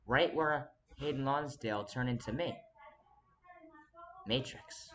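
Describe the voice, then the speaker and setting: Man of average pitch for an earnest, meandering to-camera rant, with a light hiss underneath. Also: normal speed, pauses often, a bit bright. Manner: rambling, restless, frequent restarts and sudden emphatic jumps; earnest, insistent, addresses viewer directly. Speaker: vlogger. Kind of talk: rambling to-camera monologue.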